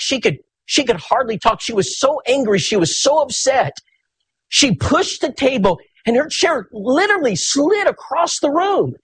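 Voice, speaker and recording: A preacher tells his story in a folksy, animated way. His voice is husky and sits high for a man. It rises and falls with wide, lively swings. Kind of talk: sermon storytelling.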